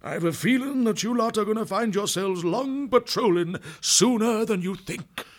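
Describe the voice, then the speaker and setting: Guy doing a gruff proud old army hare, clipped pompous talk, higher than his own voice. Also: normal speed, close to an everyday voice. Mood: amused.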